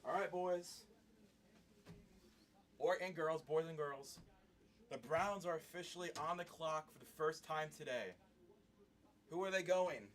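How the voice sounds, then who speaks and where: A man hosting a live stream, reacting to a sports draft and talking straight to his viewers in an excitable way. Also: fairly high pitch, a little slow, long pauses.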